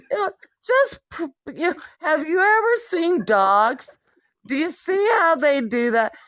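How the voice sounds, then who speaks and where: Woman venting on her vlog, slow and cussing, highish voice, dry close mic. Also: big pitch swings, fairly bright tone, dry recording. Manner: blunt, profane, exasperated. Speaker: vlogger. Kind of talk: candid monologue rant.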